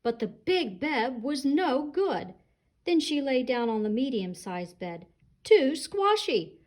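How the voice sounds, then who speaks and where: A woman who is a children's librarian, reading a picture book aloud and showing a craft in an expressive, sing-song way. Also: high-pitched, unhurried. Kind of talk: storytime read-aloud and craft demo.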